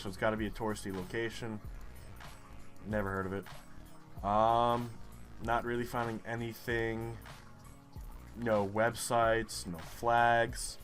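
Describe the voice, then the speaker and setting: Frustrated and swearing, a young YouTuber narrates his geography guessing game as he plays. He speaks in a lowish voice that sounds a bit bright.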